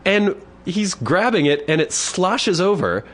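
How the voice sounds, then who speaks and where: A man co-hosting a podcast, telling a long crude anecdote in a rambling, deadpan way. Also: deep voice, fairly quick. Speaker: podcast co-host.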